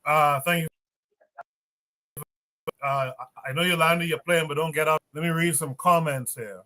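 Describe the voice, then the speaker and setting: Brief: male host, bright voice, slightly high, reads chat comments. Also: moderate pace. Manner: steady, reads comments aloud, hesitant fillers. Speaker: livestream podcast host. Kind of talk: hosting a livestream, reading chat comments.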